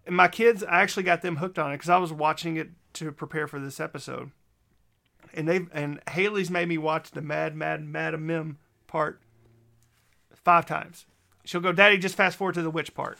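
A man's voice: fairly high pitch, steady tone, moderate pace, creaky, sharp tone. A man in his thirties with a slight lisp, chatting enthusiastically as a podcast host and sometimes tripping over his words. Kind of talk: casual chat.

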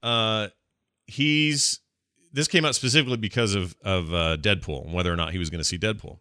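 A man's voice: lowish voice, brisk, bright, forceful tone, clear, resonant tone, no room sound, studio quality. A middle-aged man chatting casually as a podcast co-host, rambling with many restarts. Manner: rambling, restarts, laughs a lot. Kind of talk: casual chat.

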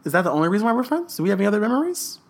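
A man co-hosting a podcast in casual chat, ranting with passion and swearing a lot, a little rough around the edges. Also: high-pitched, very animated, very fast. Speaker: podcast co-host.

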